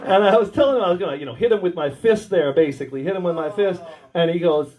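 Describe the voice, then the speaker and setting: A man's voice: high-pitched, animated, normal speed, crowd noise. An American man doing a stand-up comedy set in a warehouse, telling crude, rambling stories and teasing the audience. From United States. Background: audience laughter.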